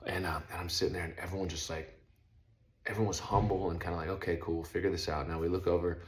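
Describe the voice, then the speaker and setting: A middle-aged man casually telling a story on his vlog, loose and slangy, breaking into loud sound effects. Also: deep voice, little pitch movement, fast talker. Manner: laid-back, uses slang like stoked and dope.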